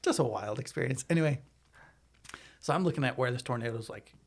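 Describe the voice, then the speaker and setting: A man, a podcast guest, telling a story in a chatty, animated way. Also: mid-range voice, fairly quick, gravelly. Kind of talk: casual storytelling.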